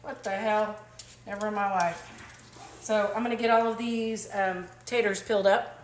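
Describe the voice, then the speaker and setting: In a casual cooking video, a home cook vlogger with a mid-range voice speaks at a moderate pace with fairly even intonation. She's chatty, folksy, and quick to laugh while frying on the stove, and the echoey kitchen carries loud sizzling, stirring, and a slight hiss or hum.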